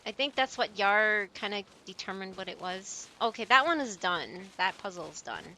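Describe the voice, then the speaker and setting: A woman's voice: mid-range voice, lively intonation, moderate pace, bright, forceful tone, a little hiss or hum. A young adult woman streaming a video game, chatting casually, gushing and laughing a lot. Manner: giggly, gushing, laughs often. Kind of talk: casual let's-play chatter.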